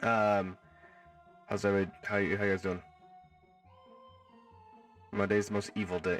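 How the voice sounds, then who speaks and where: Male streamer, playful and jokey, animated swinging pitch, sits back from the mic. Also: moderate pace, long pauses, recorded from a distance, faint music behind. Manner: playful, jokey, swears freely. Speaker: live stream host. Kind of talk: casual live stream chat reading. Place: home.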